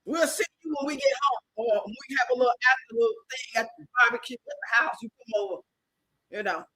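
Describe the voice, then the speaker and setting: A woman hosting a casual livestream in African American Vernacular English, loud and animated, cursing freely. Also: on the high side, fast, husky, low-quality recording. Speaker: livestream host.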